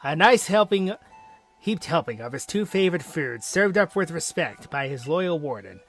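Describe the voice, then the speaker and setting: Man doing a swaggering game warden, self-important and lively in pitch, a bit high. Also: normal speed. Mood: grave. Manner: pompous, grandiose declarations. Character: boastful male clan warden, proud and dramatic.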